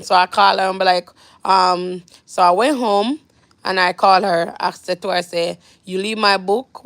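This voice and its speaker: A woman's voice: mid-range voice, a bit bright, dry recording. Woman, Jamaican accent, young adult, storytime vlog, rambling with restarts, dry close recording. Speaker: vlogger.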